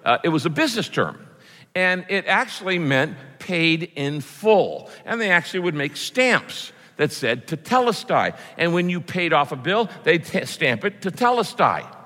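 A man's voice: on the high side, very animated, measured pace, sharp tone, long reverb tail. A man preaching a sermon as pastor, emphatic and repeating key phrases for weight.

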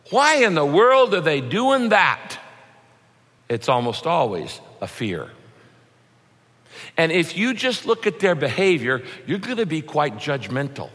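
Pastor guy preaching, bright voice, lots of ups and downs, big echoey hall. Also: on the high side. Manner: emphatic preaching with punchy rhymes, mock voices for quoted people. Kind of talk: sermon.

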